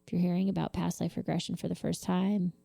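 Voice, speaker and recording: A woman's voice: on the low side, little pitch movement, quick pace, vocal fry, warm tone, no room sound. A woman co-hosting a casual podcast chat, drowsy and laid-back, stifling yawns and swearing casually. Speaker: podcast co-host.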